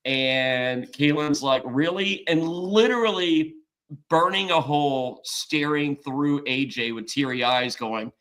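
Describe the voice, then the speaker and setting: Bright-voiced joking man host. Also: on the high side, slow. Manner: jokey, recaps scenes in mimicked quotes. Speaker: podcast host. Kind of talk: casual recap chat.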